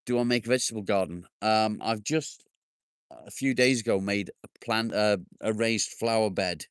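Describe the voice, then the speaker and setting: Low-voiced man chatting on a live stream. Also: normal speed, clear, resonant tone, no room sound, studio quality. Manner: jokey, bantering, swears casually. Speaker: livestream host. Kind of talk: casual live-stream chat answering viewer comments. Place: outdoors in his garden with his dog.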